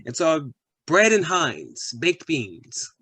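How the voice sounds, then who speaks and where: A man's voice: fairly high pitch, huge pitch swings, slow pace, pushed and bright, slightly rough, no echo, exaggerated voice. A man playing a crude, pushy young British bloke with a British accent who is boastful and full of slang. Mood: leering. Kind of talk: comedy sketch acting.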